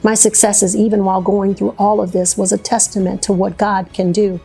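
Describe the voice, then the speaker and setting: Gravelly, indignant woman telling her story. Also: medium pitch, level tone, dark tone, soft background music. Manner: indignant, sarcastic, deliberate; faith-filled, earnest. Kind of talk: personal testimony to camera.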